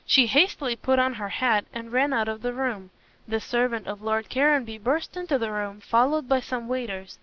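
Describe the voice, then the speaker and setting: A woman narrating a novel as an audiobook reader, with an even, measured delivery. Her voice sits fairly high. The recording sounds dull and lo-fi. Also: dry recording. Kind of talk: reading a novel aloud.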